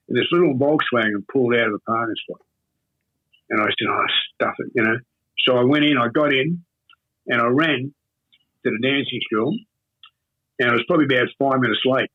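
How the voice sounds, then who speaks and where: An older man with an Australian accent, telling a long story in an interview in a rambling, halting way with many fillers and restarts. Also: mid-range voice, slightly rough. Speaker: interview guest. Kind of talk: casual storytelling. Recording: tinny phone-like audio.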